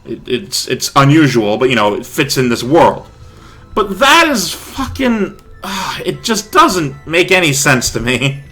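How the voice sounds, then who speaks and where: A young man hosting a let's play, reading a visual novel aloud with animated, swearing, laughing asides. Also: a little high, measured pace, faint music behind.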